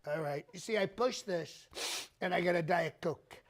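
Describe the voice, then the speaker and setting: A man's voice: high-pitched, moderate pace, pitched above the performer's own voice. A man doing a comedic impression of a vain, boastful older male politician who repeats himself and fusses over his staging.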